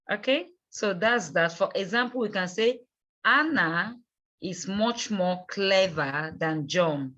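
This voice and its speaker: A woman teaching English grammar in a bilingual lesson, slow and patient, repeating words and checking in with "okay?". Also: fairly low pitch, fairly bright tone. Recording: dull lo-fi recording.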